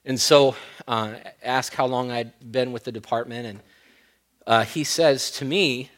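A middle-aged man preaching a sermon as pastor, moving between loud emphatic points and quiet storytelling. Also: medium pitch, fairly even intonation, measured pace.

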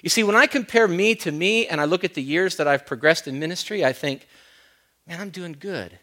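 A middle-aged man preaching a sermon as pastor, moving between loud emphatic points and quiet storytelling. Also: on the high side, fast talker.

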